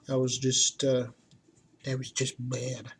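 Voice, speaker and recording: Slow, rambling male artist. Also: mid-range voice, monotone, slight background noise. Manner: rambling, hesitant, many fillers. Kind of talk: casual talk while drawing.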